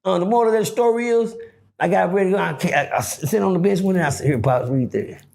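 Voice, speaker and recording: A middle-aged man telling a story casually, profane and animated, acting out the dialogue. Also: high-pitched, racing, creaky. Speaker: guest storyteller.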